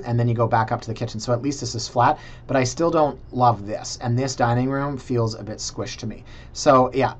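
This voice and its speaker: A man's voice: medium pitch, lo-fi sound, a little hiss or hum. A Canadian man casually talking viewers through property listings in a chatty, sarcastic way. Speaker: real estate vlogger.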